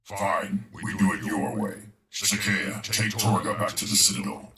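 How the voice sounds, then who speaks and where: A man voicing a gruff, commanding male charr warrior leader in a game, blunt and threatening. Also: fairly low pitch, measured pace, a crowd in the background, natural voice. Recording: game audio over battle noise.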